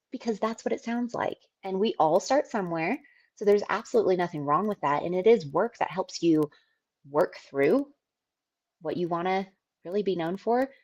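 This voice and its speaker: On her own podcast, a woman casually and candidly discusses running a business, swearing and laughing from time to time. Her mid-range voice is a little mellow, and the recording has its highs cut off.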